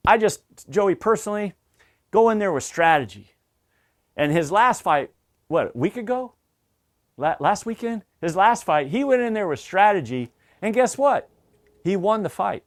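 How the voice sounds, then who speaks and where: A man with a drawl teaches lineworker safety in a high-pitched voice. He talks emphatically, like a coach, and hammers key points home by repeating them. He sounds middle-aged. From Southern United States. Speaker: safety instructor. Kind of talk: energetic safety training talk.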